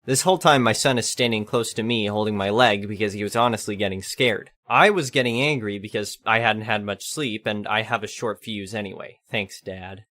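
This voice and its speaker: A man's voice: on the low side, fairly quick, hardly any pauses, sharp tone. A man narrating an online storytime post in a plain read-aloud delivery.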